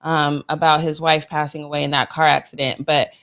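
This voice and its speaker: A woman's voice: sits low, flat delivery, brisk, a bit bright. A woman co-hosting a sports talk show, gushing and emotional, with sassy trash talk. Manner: gushing and emotional, with frequent laughs. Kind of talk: casual sports chat.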